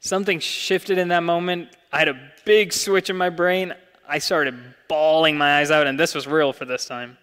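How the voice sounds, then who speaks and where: Young male preacher, earnest sermon voice with loud peaks and hushed drops, fairly high pitch, long church hall reverb. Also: fairly even intonation, normal speed, smooth. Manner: earnest, rising to emphatic peaks then dropping soft.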